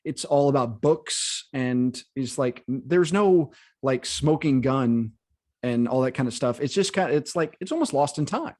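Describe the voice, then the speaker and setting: A man's voice: mid-range voice, animated, moderate pace, a little mellow. Southern man, podcast co-host, rambling casual talk, laughs easily. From American South. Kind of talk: casual chat.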